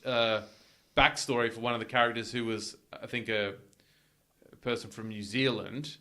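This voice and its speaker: An Australian man chatting casually on a gaming podcast with his friends. He rambles and hesitates, padding his sentences with fillers as he works through his thoughts. His voice sits at a middle pitch. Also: fairly even intonation, normal speed, pushed and bright. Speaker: podcast co-host. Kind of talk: casual chat among friends.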